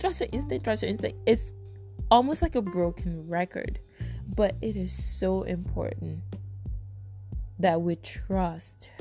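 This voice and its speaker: A woman hosting a self-help podcast, talking casually and emphatically to her listeners, repeating phrases for stress. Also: medium pitch. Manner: talks straight to listeners as "you guys". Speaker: podcast host.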